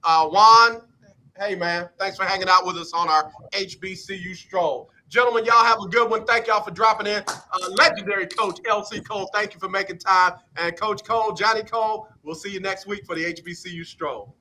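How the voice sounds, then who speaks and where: Radio sports host, man, upbeat and brisk, high and bright in tone. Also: fairly even intonation, slight background noise, poor audio. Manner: brisk, upbeat, calls on guests by name. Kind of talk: casual radio sports chat.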